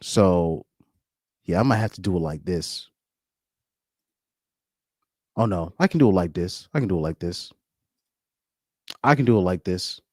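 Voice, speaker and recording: A man's voice: deep voice, lively intonation, a little slow, pauses often, darkish tone, no echo, clean studio sound. A man doing casual live-stream commentary, rambling and repeating words, often breaking into laughs.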